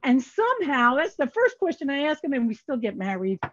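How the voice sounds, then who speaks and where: A woman's voice: high voice, a little fast, no echo. An older woman, a guest economist, telling stories in a casual podcast interview and acting out the dialogue she quotes. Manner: animated, acts out quoted dialogue. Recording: muffled lo-fi sound.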